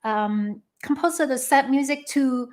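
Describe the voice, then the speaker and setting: Woman violinist, slightly high voice, slow casual live-stream patter from home, lots of ums. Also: a little mellow. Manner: unhurried, with frequent ums and uhs. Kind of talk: casual spoken introductions between pieces. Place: her living room.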